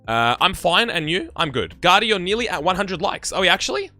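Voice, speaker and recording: A man's voice: sits high, big pitch swings, brisk, bright, forceful tone, faint music behind. A young Australian man with an Australian accent, chatting on a live game stream and reading viewer comments aloud in a rambling way. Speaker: gaming streamer.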